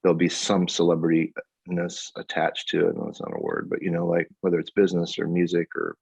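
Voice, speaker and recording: A man's voice: deep voice, brisk, creaky, husky, no room sound. A man in his fifties, a guest songwriter in a casual interview, telling stories with animation and frequent laughter. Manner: animated storyteller, laughs often. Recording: dull lo-fi audio.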